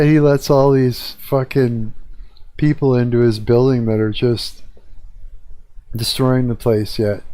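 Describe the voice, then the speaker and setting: A middle-aged man rants on a live stream from home. He rambles and swears, with an agitated, complaining edge. His voice sits at an ordinary male pitch and sounds close and dry, with no room echo. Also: dark tone. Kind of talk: casual rant. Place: own apartment.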